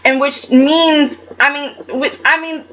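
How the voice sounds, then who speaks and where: A woman reviewing a soap opera episode in casual chat, animated and chatty, acting out quotes in dramatic voices. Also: high-pitched, slow. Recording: dull lo-fi sound with faint background noise.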